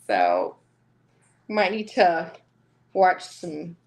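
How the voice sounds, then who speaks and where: A woman's voice: lowish voice, big pitch swings, drawn-out words, creaky, darkish tone. A woman with a Southern US accent giving a chatty live-streamed tarot reading, laughing often between cards. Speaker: tarot reader.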